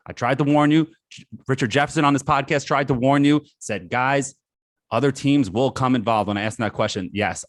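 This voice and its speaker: A man's voice: mid-range voice, no echo, clean studio sound. A man co-hosting a sports podcast, ranting angrily and exasperated. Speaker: podcast co-host.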